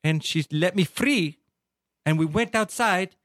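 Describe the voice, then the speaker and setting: A man playing a wistful medieval Italian holy man with a put-on Italian accent, halting and full of fillers in an improvised comic interview. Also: high-pitched, fairly bright tone, no echo, clean studio sound. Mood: rambling. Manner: rambling, halting, many fillers.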